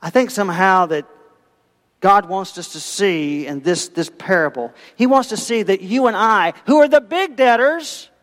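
A man preaching a sermon, telling a parable with lively, animated storytelling and acting out the voices of its characters. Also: high voice, normal speed, big-room sound. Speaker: pastor.

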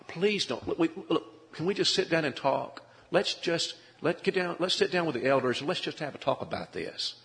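Earnest preacher in a reverberant hall. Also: male voice, medium pitch, a bit bright. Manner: earnest, pleading, repeats words. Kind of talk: sermon.

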